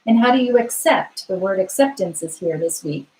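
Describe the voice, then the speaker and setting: A woman tarot reader answering viewer questions on a live stream, gentle and reassuring, thinking aloud with frequent fillers. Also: medium pitch, animated, moderate pace, low-quality recording.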